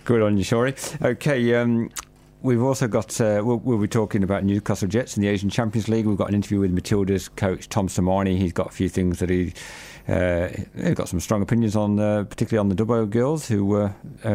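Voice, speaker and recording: A man's voice: fairly low pitch, dark tone. A man hosting a community radio football show, chatty and full of ums and restarts. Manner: chatty, with many fillers and restarts. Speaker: radio host. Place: radio studio.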